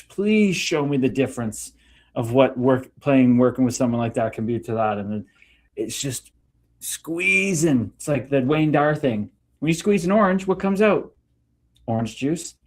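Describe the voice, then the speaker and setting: A man's voice: mid-range voice, darkish tone. A man hosting a casual livestream conversation, talking candidly, swearing freely and reflecting on spiritual matters. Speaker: podcast host.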